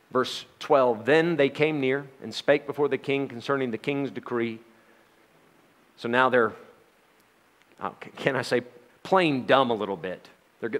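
A man's voice: medium pitch, fairly bright tone, long reverb tail. A middle-aged man giving a Bible study sermon, talking in a conversational way with rhetorical questions and wry sarcastic asides. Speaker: Bible teacher.

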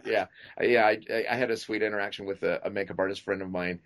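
Man guest, lowish voice, rambling casual chat, laughs often. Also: steady tone, fast. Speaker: podcast guest, makeup artist. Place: at home, tying a wig while talking.

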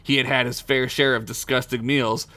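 A man's voice: medium pitch, little pitch movement, normal speed, pushed and bright, no echo. A man co-hosting a podcast who reads his own crude comic story aloud, joking and breaking into laughter.

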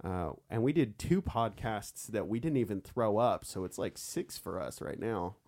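A man co-hosting a relaxed podcast, talking with friends and often breaking into laughter. His pitch swings widely as he jokes at his own expense. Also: normal speed. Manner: laughs often, self-mocking, animated. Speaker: podcast co-host. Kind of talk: casual podcast chat.

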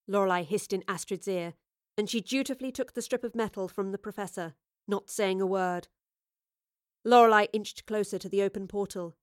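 A woman reading a dramatic story aloud in measured scripted narration. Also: mid-range voice, clear, resonant tone, no echo, studio quality. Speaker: audiobook reader.

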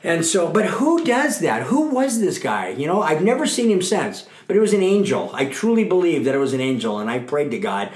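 A man's voice: on the high side, sing-song, a little fast, hardly any pauses, a little mellow. A middle-aged man giving a candid, earnest account of his own past in an interview. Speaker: guest. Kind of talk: personal recovery testimony. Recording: roomy echo.

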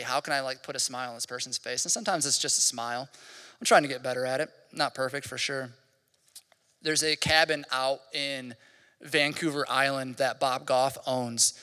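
Bright-voiced young male pastor in a reverberant hall. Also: medium pitch. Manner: casual, rambling, heavy use of "like". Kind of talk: conversational sermon. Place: church hall.

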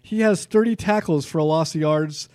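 A man's voice: fairly high pitch, normal speed, darkish tone, dry recording, studio quality. A man co-hosting a sports podcast, chatting casually and reeling off player stats with plenty of fillers.

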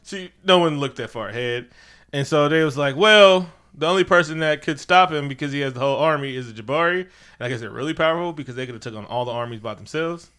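A man casually recapping a movie with a friend, retelling scenes animatedly and jumping into exaggerated high-pitched voices for the characters. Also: fast, fairly bright tone, clean tone.

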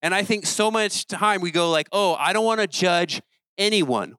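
A man with a fairly high voice preaches earnestly to a youth crowd, talking in a plain, conversational way. His sentences stumble and restart now and then. The sound is dry and close. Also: moderate pace, bright, forceful tone, clean tone, no echo, poor audio. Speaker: youth pastor. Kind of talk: sermon.

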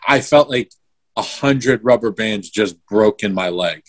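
A man's voice: lowish voice, unhurried. Casual swearing young man telling a story. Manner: swears a lot, vivid play-by-play retelling.

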